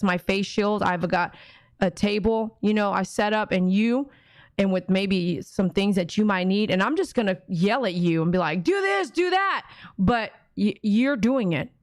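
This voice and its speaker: A woman's voice: medium pitch, no echo. A woman dog groomer hosting a casual livestream, chatty and rambling, often acting out conversations.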